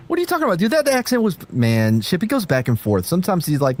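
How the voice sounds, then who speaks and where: A man's voice: sits high, huge pitch swings, fast talker. A man hosting a casual group chat show, joking, swearing and trading banter. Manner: joking, swearing, does silly voices in quotes. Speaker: host of a group history show.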